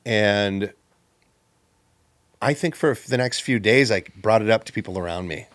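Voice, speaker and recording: Animated storytelling man, dry close sound. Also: lowish voice, unhurried, no echo. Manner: animated, acts out the people he quotes. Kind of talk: personal storytelling in conversation.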